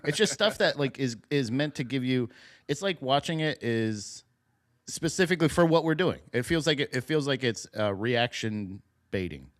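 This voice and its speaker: Lively, animated young man chatting. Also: medium pitch, normal speed, no echo, clean studio sound. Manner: animated, swearing, mocking impressions. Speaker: podcast co-host. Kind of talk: casual comedic chat.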